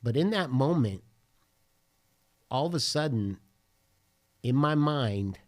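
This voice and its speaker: A man's voice: medium pitch, animated, slow pace. A man who is a pastor, talking casually and earnestly, retelling a personal story vividly and acting out bits of dialogue. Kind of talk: casual podcast chat, storytelling.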